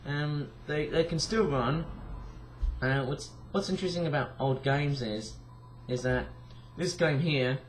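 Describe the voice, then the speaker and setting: A tired young man with a croaky voice, rambling casually through a vlog with lots of fillers and restarts. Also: a little high, a little slow, a little hiss or hum. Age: young adult. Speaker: vlogger.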